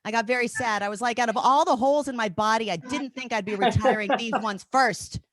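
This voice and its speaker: A woman's voice: fairly high pitch, brisk, crowd noise, poor audio. A woman in her thirties hosting a comedy show and doing bawdy, conversational stand-up.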